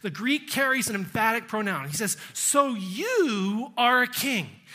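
A pastor preaching an expository sermon, emphatic, sinking to hushed tones for weight and putting questions straight to the listeners. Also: male voice, very high-pitched. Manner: asks the listeners direct questions.

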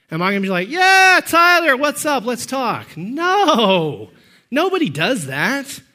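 A man with a notably high voice delivers a sermon as pastor. He preaches emphatically, pushing up to shouts on key points, then slips into quick, conversational storytelling.

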